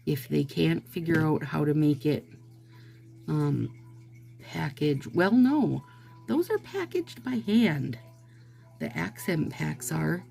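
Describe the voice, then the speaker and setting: A woman's voice: deep voice, gravelly, warm tone. A woman chatting casually to her viewers as she reviews nail products, with exasperated asides and talk aimed straight at the audience.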